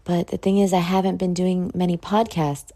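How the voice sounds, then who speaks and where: A woman's voice: on the low side, little pitch movement, normal speed, mellow. A sleepy, yawning woman hosting her own podcast, rambling and motivational, swearing now and then. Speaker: podcast host. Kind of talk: casual solo podcast monologue.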